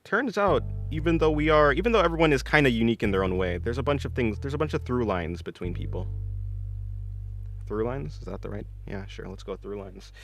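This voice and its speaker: A man's voice: mid-range voice, brisk, a bit bright, faint music behind. A young man chatting on his art stream, answering viewers in a rambling, self-correcting way and laughing often.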